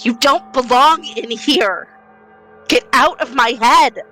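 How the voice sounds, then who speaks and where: A woman's voice: high-pitched, slow pace, sharp tone, soft background music, pitched above the performer's own voice, heavily acted. A woman playing a screaming, terrified young heroine. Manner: screaming, panicked.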